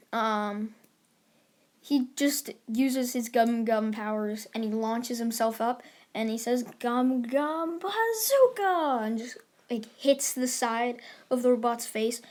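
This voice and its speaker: A woman's voice: fairly high pitch, little pitch movement, takes it slowly, a little mellow. A woman casually improvising a fan story, rambling with lots of filler words.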